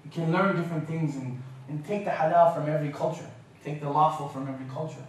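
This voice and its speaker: A man from Canada giving a humorous, lively lecture at a university, with playful impressions of accents. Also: on the high side, fast. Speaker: guest speaker. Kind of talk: lecture with jokes. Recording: echoey hall, mic from a distance.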